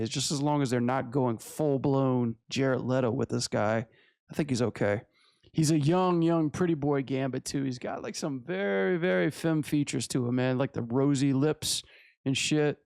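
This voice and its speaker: A man hosting a casual animation review, excitable and full of profane slang. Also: medium pitch, vocal fry, dry recording. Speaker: animation reviewer, channel host.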